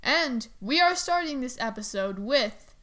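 Young woman co-host, teasing banter, fairly high voice, giggly. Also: animated, a little slow, fairly bright tone. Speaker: podcast co-host. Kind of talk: casual chat.

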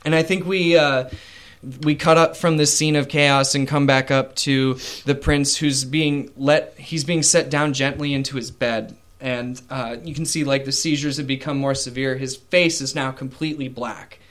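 A man's voice: medium pitch, fairly even intonation, normal speed, fairly bright tone. A man narrating a tabletop game as game master, casual, with many fillers. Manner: casual, with fillers and voiced characters.

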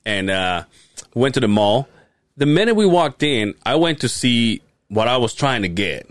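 A middle-aged podcast host in full storytelling mode, his voice jumping around with lively ups and downs. He swears casually and laughs at his own story. The sound is dry and close, with no room echo. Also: medium pitch, unhurried. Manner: animated, profane, laughs while telling stories.

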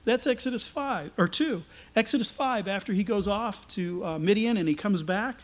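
A man preaching a sermon, animated and sarcastic, acting out the lines he quotes. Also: high voice, moderate pace. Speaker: pastor.

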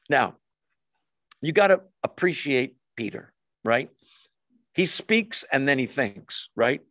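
A man teaching a Bible study, lively and often asking the group rhetorical questions. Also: on the high side, takes it slowly, dry recording, clean studio sound.

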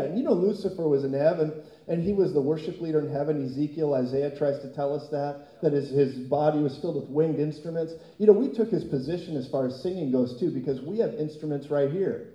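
A man preaching a sermon in animated storytelling, laughing often. His voice is dark and mellow, pitched a little high. The sound rings through an echoey church hall. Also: fairly quick, lo-fi sound. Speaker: pastor.

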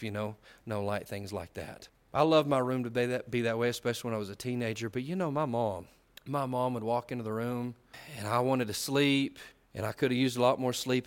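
A middle-aged man preaching a sermon in a folksy, conversational way that swings from loud to quiet. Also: mid-range voice.

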